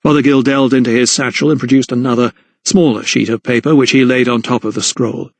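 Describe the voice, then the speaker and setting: A man narrating an audiobook in a steady, measured reading. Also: mid-range voice, creaky, no echo. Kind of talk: scripted narration.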